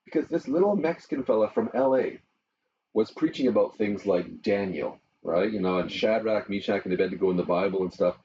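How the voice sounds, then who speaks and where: Middle-aged man, lowish voice, animated anecdotal pastor, muffled lo-fi recording. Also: brisk, distant mic. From Canada. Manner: animated storyteller, chuckles often. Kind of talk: interview conversation. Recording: muffled lo-fi with faint noise.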